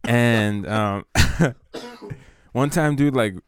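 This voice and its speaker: A man's voice: mid-range voice, extremely slow, clean tone, dry recording, studio quality. A man telling profane stories from his school days in a laid-back casual chat, dropping "dude" constantly.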